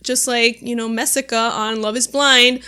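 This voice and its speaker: A young woman chats casually as a podcast host, with a bright and forceful voice that sits a little high. She fills her talk with "like" and quick laughs. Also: fairly even intonation, clear, resonant tone. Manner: chatty, lots of "like" and laughs. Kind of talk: casual chat.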